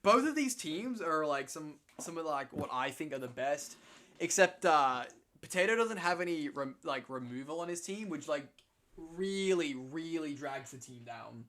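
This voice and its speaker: Brief: male co-host, somewhat high voice, excitable, foul-mouthed, loose casual commentary. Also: normal speed. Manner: excitable, swears freely, restarts often. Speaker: co-host commentating league matches.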